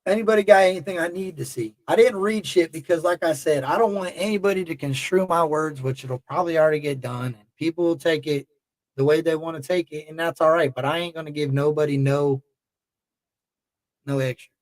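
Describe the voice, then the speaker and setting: A man's voice: fairly high pitch, a little fast, dry recording. A man hosting a casual livestream to his chat, talking bluntly and heatedly with lots of swearing and rambling. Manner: emotional and heated. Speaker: YouTube livestream host.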